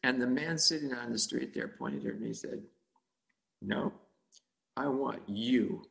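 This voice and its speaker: A man telling a casual story about volunteer cooking, halting and full of fillers and self-corrections. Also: medium pitch, gravelly, pushed and bright, poor audio. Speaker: volunteer cook.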